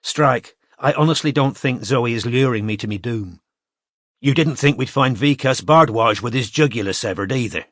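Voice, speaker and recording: A man's voice: mid-range voice, moderate pace, fairly bright tone, no echo, lightly acted. A man voicing a determined young woman detective who speaks firmly and coolly, in a dry audiobook recording. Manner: firm and cool.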